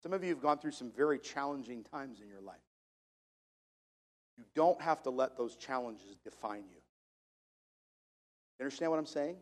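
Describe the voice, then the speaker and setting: A man's voice: mid-range voice, animated, normal speed, long pauses. A man preaching a sermon to a congregation, repeating key phrases for emphasis in a preacher's cadence. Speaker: pastor.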